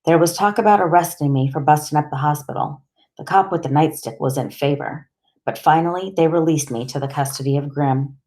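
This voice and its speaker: A woman narrating a first-person audiobook in a plain, steady storytelling manner. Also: sits low, fairly quick.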